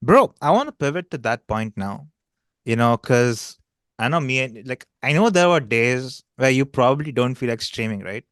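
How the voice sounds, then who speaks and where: A man's voice: mid-range voice, lively intonation, moderate pace, a bit bright, dry recording, studio quality. A young man hosting a casual podcast, easygoing and agreeable as he chats with a friend. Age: young adult. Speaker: podcast host. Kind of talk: casual chat.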